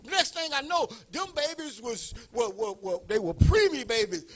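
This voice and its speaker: A male pastor telling a personal story in a sermon, animated and building up to shouts. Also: very high-pitched, moderate pace.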